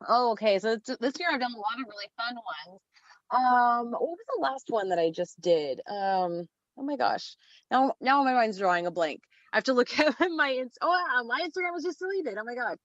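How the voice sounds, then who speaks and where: A higher-voiced woman chatting as a podcast guest, bubbly and excitable, with lots of fillers. Her voice comes through dull and dry, with a lo-fi edge. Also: moderate pace, no room sound. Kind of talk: casual podcast chat.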